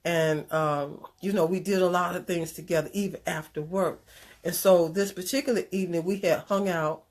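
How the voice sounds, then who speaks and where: A woman with a slightly low voice tells a personal story in a relaxed, conversational way. She is animated and earnest and slips into preachy asides now and then. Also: normal speed. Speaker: speaker sharing a personal story. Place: Chicago area.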